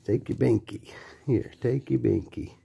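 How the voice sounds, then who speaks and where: A father in gentle, coaxing, sing-song baby talk with his infant. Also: medium pitch, measured pace, vocal fry, slightly rough, highs cut off.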